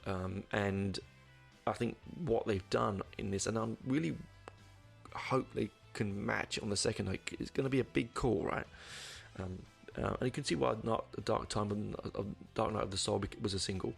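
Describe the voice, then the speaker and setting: A man with a low, gravelly voice hosts a podcast and talks his way through an album review. He rambles, full of ums and restarts. Faint music sits underneath. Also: steady tone, normal speed. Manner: rambling, many fillers and restarts. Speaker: podcast host. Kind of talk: casual album review monologue.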